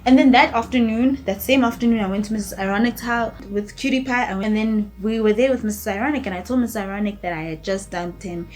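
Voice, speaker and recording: A woman's voice: medium pitch, fast, hardly any pauses. A young woman from South Africa, casually retelling a personal story as a storytime vlogger, acting out what others said. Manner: animated, acts out quoted lines, frequent "right?" and "you know?". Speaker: YouTuber.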